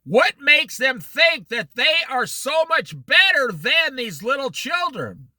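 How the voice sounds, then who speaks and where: Man, middle-aged, Bible study teacher, very lively pitch, dry close sound. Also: takes it slowly, no room sound. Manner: animated storytelling with quoted voices.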